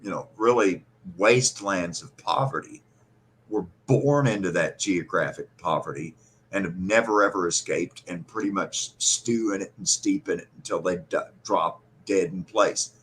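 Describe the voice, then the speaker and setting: Low-voiced kentucky guy rambling on a podcast, animated, acts out how folks say words. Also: moderate pace. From central Kentucky. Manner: rambling, animated storyteller who imitates regional pronunciations. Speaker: podcast host. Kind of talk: casual conversational chat.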